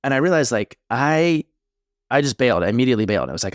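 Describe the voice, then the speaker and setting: A man co-hosting a podcast at a mid pitch, telling a story casually and wandering off into tangents. The sound is dry and close, with no room around it. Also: fast talker, no room sound. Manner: rambling, animated storytelling with tangents. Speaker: podcast co-host, therapist. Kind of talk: casual chat.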